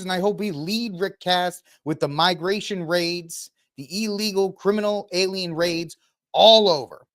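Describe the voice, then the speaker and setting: A man hosting his own political commentary show, ranting in a heated, indignant way and piling up accusations. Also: sits high. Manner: fiery, indignant ranting with repeated blame.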